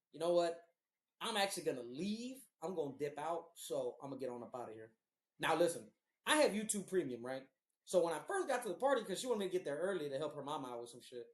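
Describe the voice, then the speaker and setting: A man hosting a podcast, telling a long story in a casual, rambling and profane way. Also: a little high. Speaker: podcast host. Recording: roomy echo.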